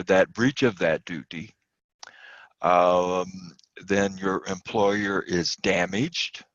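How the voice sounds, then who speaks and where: A man with a very low voice delivers an online lecture, pushing his voice up to stress key points between frequent fillers. The sound is dry and slightly muffled, like a computer mic on a video call. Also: fairly bright tone, no echo. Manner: emphatic, rising on key points, many fillers.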